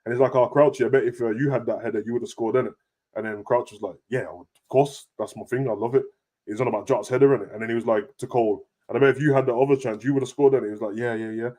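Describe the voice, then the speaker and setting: Young man, quick talker, slangy, animated football chat. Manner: animated, slangy, rapid banter with big pitch jumps. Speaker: football podcast host. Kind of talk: casual chat.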